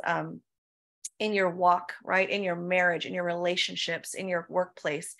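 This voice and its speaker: A woman's voice: fairly low pitch, fairly bright tone. A woman pastor of Filipino heritage, preaching in a church Q&A with emphatic rhetorical questions, often saying "right?" and "come on.". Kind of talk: preaching in a Q&A session.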